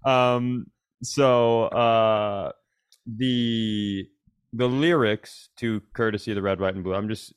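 A man's voice: fairly low pitch, steady tone, slow pace, clean tone. A man co-hosting a casual comedy podcast, joking around and sometimes breaking into an exaggerated twangy sing-along. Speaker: podcast co-host.

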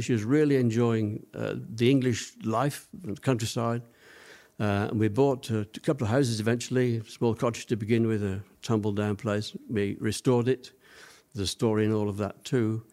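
An older man recalls his past for an interviewer in an ordinary mid-range voice. He wanders through his story, pausing on fillers and restarting sentences as the memories surface. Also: medium pitch, fairly even intonation, a little mellow. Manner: rambling reminiscing with many fillers. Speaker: interview guest.

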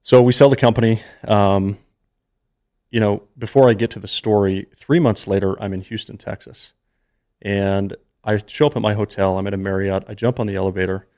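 A man's voice: lowish voice, steady tone, moderate pace, a little mellow. A man in his thirties, a podcast guest, telling a personal story in an earnest, emotional, conversational way.

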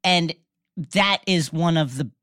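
Low-voiced woman recapping a movie. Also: slow, no echo, studio quality. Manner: animated storytelling, many restarts. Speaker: podcast co-host recapping a film. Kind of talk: casual chat.

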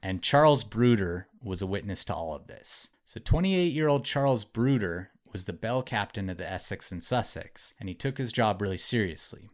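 On his podcast, a man with a low-leaning voice and lively intonation narrates a true story to friends at a moderate pace, barely pausing. It's casual and chatty, with lots of "like" and "um" as he hedges.

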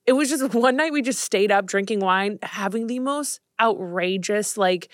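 A young woman co-hosting a podcast in a studio, telling stories in a lively, casual way full of fillers and swearing. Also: medium pitch, moderate pace, no room sound. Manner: animated storyteller, lots of fillers and swearing. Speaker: podcast co-host. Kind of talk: casual chat.

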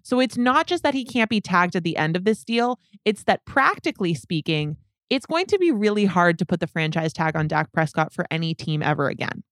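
A woman's voice: lowish voice, big pitch swings, a little fast, hardly any pauses, dry recording, clean studio sound. A woman co-hosting a sports podcast, explaining contract details step by step in casual talk. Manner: analytical, explains points step by step. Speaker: podcast co-host.

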